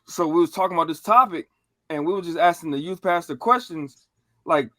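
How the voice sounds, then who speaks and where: A man on a podcast telling stories in a casual, animated way, full of slang and profanity. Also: on the high side, fairly quick, dry recording, studio quality. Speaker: podcast co-host.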